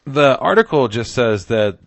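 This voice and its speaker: A man's voice: medium pitch, big pitch swings, a little slow, vocal fry, dry recording. A man co-hosting a comedy podcast, chatting casually, joking and acting out quotes. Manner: joking, acts out quotes, laughs often. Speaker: podcast co-host.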